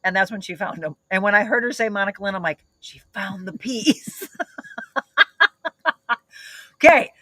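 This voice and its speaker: Bright-voiced woman host. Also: medium pitch, normal speed, pauses often, dry recording, low-quality recording. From South St. Louis. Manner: lively storyteller, laughs often. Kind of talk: casual chat.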